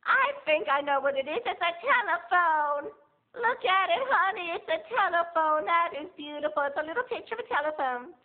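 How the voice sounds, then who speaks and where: A man voicing an excitable elderly grandmother who is puzzled and squealing, in a high squeaky put-on falsetto. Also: normal speed. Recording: tinny phone-like sound.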